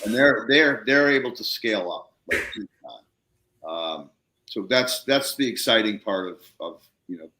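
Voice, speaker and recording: A man hosting a podcast, telling a story in casual conversation, excitable and swearing casually, acting out quotes in a raised voice. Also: fairly low pitch, measured pace, roomy sound. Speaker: podcast host.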